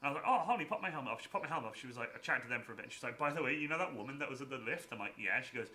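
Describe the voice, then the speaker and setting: Bright, animated man telling stories. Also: medium pitch, very fast. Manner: animated, acts out voices in anecdotes. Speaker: cosplayer and stream host. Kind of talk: casual storytelling chat.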